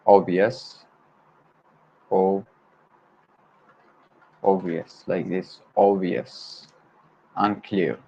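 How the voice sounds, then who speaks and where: Slow, low-voiced man drilling words. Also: creaky, a little mellow. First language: Arabic. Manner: repeats vocabulary words slowly, one at a time. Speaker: language learner on a livestream. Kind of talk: slow self-study word drill. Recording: dull lo-fi home stream with faint noise.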